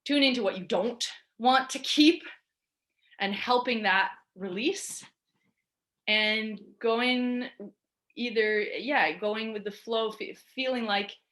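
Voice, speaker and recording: Bright, slow-talking woman teacher. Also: on the high side. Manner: playful, laughs easily. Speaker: energy work teacher. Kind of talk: guided movement lesson. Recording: echoey room.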